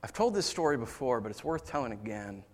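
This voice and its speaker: A man preaching a sermon as pastor, moving between quiet storytelling and raised, impassioned passages. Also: mid-range voice, big pitch swings, fairly quick.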